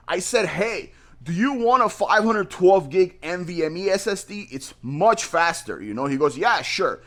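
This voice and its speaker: High-voiced guy ranting about a client, super animated, lots of bro and man. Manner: animated, repeats himself, slangy with "bro" and "man". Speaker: small business owner. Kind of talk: casual storytelling vlog.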